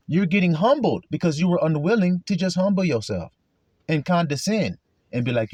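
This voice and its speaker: A man delivers a sermon in a husky, slightly raised voice that rises and falls with lively swings. He talks bluntly, with plenty of swearing. The sound is close and dry. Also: high-pitched, normal speed, no echo. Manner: blunt and profane, acts out quarrels in voices. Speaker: preacher.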